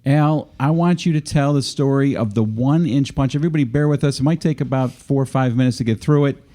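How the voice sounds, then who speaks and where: A man's voice: mid-range voice, brisk, dark tone. A man hosting a podcast, casually introducing a story to his co-hosts. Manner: introduces the guest story, easygoing. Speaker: podcast host.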